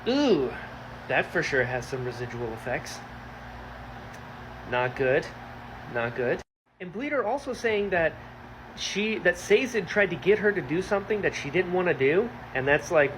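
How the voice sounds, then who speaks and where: A man hosting a casual book reaction vlog, excitable and gushing, thinking aloud with lots of rhetorical questions. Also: fairly high pitch, normal speed, noisy background.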